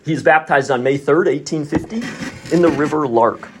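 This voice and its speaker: A man telling a story in a casual, animated way as a podcast guest. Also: fairly high pitch, moderate pace. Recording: noisy recording.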